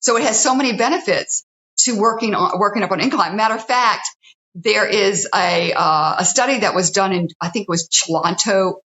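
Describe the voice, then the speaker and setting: In a roomy, slightly dull recording, a fitness TV host chats as a guest in a casual interview, earnestly listing her points one after another. Her voice is medium in pitch and a bit bright, at a normal speed.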